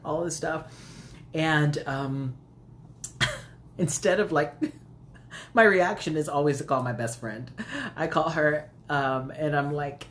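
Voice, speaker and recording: A woman casually telling a storytime vlog, animated and full of fillers, with big pitch jumps when she quotes herself. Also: normal speed, a little hiss or hum. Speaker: vlogger.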